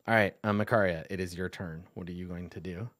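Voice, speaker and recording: A man narrating a tabletop game as game master, relaxed and chatty, with many fillers. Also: deep voice, quick pace, no room sound, clean studio sound.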